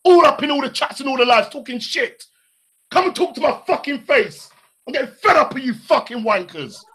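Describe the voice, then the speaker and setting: An angry man vents on a live stream, his voice climbing very high as he shouts. He swears freely and fires rhetorical questions at his critics. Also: lively intonation, a little fast. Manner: furious, profane, shouting rant.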